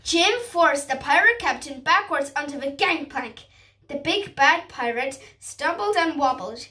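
Brief: female storybook reader, slow careful halting read, bright voice, recorded from a distance. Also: high voice, lively intonation. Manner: careful, halting reading with restarts. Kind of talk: reading a storybook aloud.

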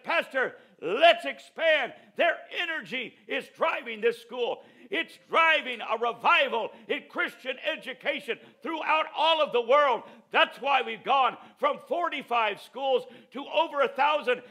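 Male preacher, graduation sermon, high-pitched, fervent delivery. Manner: fervent, building to shouts.

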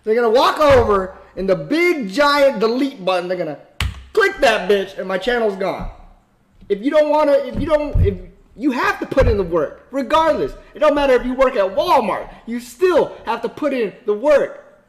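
A man's voice: extremely high pitch, expressive, moderate pace, slight background noise. A man hosting a reaction video, casual and profane, talking back at the screen.

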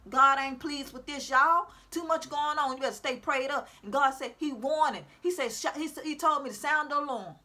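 High bright-voiced woman preaching to viewers. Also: moderate pace, few pauses. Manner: preachy, repetitive, calls out to her audience. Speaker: self-styled prophetic speaker. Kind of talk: informal religious exhortation to viewers. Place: at home.

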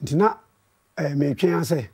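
Ghanaian male musician guest, husky, mellow, laid-back. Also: a little high, unhurried. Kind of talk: casual interview chat.

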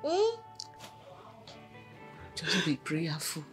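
A lower-pitched, motherly village woman soothes gently, with soft coaxing tags between phrases. Faint film music plays under her. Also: huge pitch swings, extremely slow, exaggerated voice. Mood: soothing. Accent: Nigerian. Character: kind motherly older village woman, comforting.

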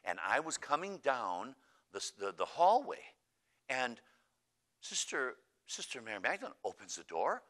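A man's voice: medium pitch, sing-song, unhurried, a bit bright. A man voicing an anxious, fretful cloistered nun who stammers and pleads. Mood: worried. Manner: worried, stammering, plaintive.

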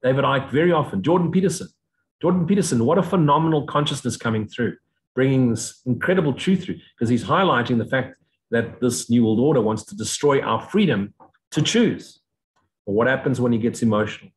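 A man giving an unscripted spiritual lecture, blunt and profane, mocking other views in sudden high voices. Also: lively intonation, fairly quick, rough recording. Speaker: spiritual teacher.

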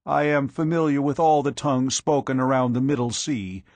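A man voicing a huge, hearty ancient warrior who declaims loudly. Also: fairly even intonation, normal speed, dry recording, close to an everyday voice. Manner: booming, declaiming.

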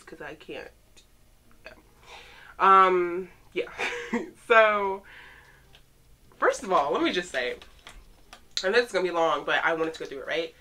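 Chatty young woman reacting excitedly. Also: on the low side. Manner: excitable, teasing, talks to the photos directly. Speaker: fan vlogger reacting to photos. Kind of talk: casual reaction chat.

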